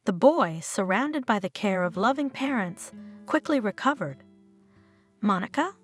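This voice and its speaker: A woman's voice: mid-range voice, expressive, moderate pace. A woman narrating a dramatic family story in a scripted storytelling style, over faint background music.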